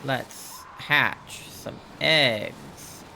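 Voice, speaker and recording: Chatty gravelly-voiced man streaming a game. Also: mid-range voice, sing-song, drawn-out words, bright, forceful tone, slight background noise. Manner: rambling, chatty, playful, with laughs and squeals. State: sleepy, yawning. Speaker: live streamer playing a video game. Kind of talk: casual live-stream gaming commentary.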